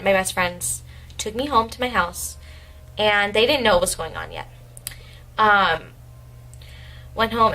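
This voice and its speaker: Young female vlogger, rambling and emotional storyteller, average pitch. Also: pushed and bright, poor audio. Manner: emotional, rambling retelling with many "I was like" quotes. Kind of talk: personal storytelling vlog.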